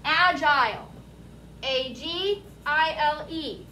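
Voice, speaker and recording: Woman teacher, high voice, unhurried vocabulary lesson, echoey classroom. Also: animated, sharp tone, slight background noise. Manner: slow, deliberate, spells words out letter by letter. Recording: echoey classroom, mic at a distance.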